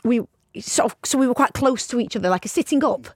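A young woman co-hosting a podcast, telling candid stories in a giggly, animated way. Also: on the high side, fast talker, no echo, clean studio sound. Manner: candid, giggly storytelling, animated when quoting. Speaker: podcast co-host. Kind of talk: casual chat.

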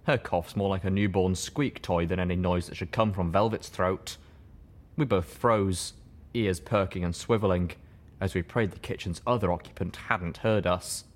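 This first-person audiobook is narrated by a man whose voice is fairly low. He keeps his delivery measured and steady, never changing his even pace.

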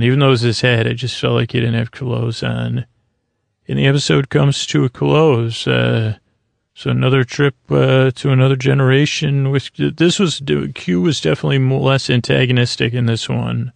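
Gravelly man recapping at a halting pace. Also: medium pitch, no room sound. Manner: halting, many filler sounds. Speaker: podcast host. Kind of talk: casual episode recap.

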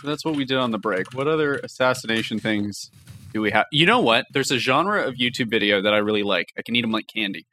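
A man hosting a comedy podcast, switching between loud improvised bits and relaxed rambling chat. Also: medium pitch, quick pace, slight background noise.

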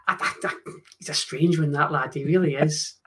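A man's voice: a little high, steady tone, a little fast. A Scottish man co-hosting a live podcast, rambling and stammering through jokey stories, swearing now and then. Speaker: podcast co-host. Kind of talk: casual live podcast chat.

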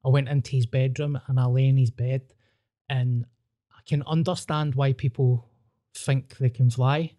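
Animated sweary Glaswegian man. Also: medium pitch, normal speed. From Scotland. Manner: animated, sweary, acts out voices. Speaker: podcast host. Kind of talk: casual storytelling chat.

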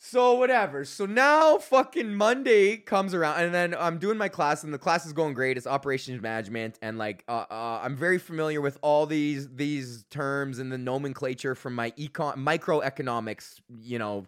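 A young man, hosting a podcast in a casual, profane rant, animated and mocking the people he quotes. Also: medium pitch, normal speed, few pauses, smooth. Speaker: podcast host.

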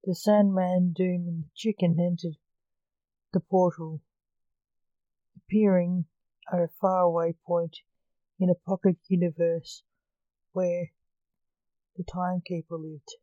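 A woman narrates a short story in an even, unhurried reading voice. Her tone is mellow and soft-edged, and the recording is dry and close to the mic. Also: fairly low pitch, dry recording, highs cut off.

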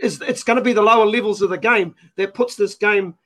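Stammering high-voiced man interrupting. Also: brisk, fairly bright tone. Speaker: rugby podcast panelist. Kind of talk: sports chat.

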